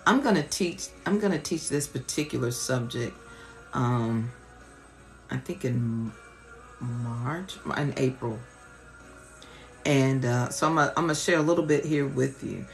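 Gravelly-voiced woman preaching with fervor. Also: very deep voice, a little slow, long pauses, soft background music. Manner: impassioned, colloquial, repeats rhetorical questions. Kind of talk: live-streamed teaching sermon.

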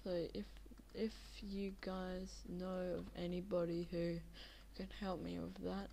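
A woman's voice: lowish voice, level tone, a little slow, creaky, dark tone, a little hiss or hum. A tired young woman rambling casually over a game she is playing, drowsy, with many fillers. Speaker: Minecraft video maker. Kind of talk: casual gameplay commentary.

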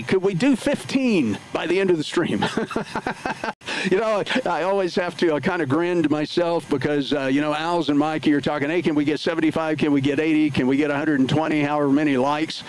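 A man's voice: a little high, a little hiss or hum, poor audio. A man livestreaming from his home flight sim setup, talking casually through each step with lots of filler words. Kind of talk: casual live play-by-play narration.

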